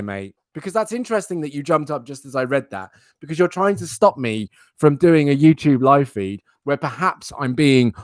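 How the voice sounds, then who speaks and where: A young man hosting a casual live stream, chatting and reacting with loud, silly outbursts. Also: mid-range voice, no echo, studio quality. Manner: animated, jumps into loud silly exclamations. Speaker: livestream host.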